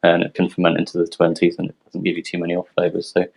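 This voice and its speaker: A man from a yeast company presenting technical details in a relaxed, explanatory way, with frequent ums. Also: sits low, rapid-fire, vocal fry, breathy edge, low-quality recording. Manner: explanatory, filler-heavy, relaxed.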